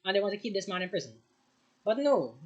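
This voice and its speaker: A man's voice: sits high, very animated, fast talker, lo-fi sound. A tired young man hosting a reaction video, rambling in casual commentary after too much coffee. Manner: rambling, restarts often, over-caffeinated. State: tired, short on rest.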